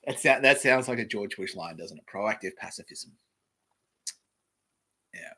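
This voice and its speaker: At home in front of a screen, a male podcast host reads aloud and rambles casually, joking in an offhand way and often mumbling as he trails off. His medium-pitched voice is expressive, fairly quick, husky and sharp in tone.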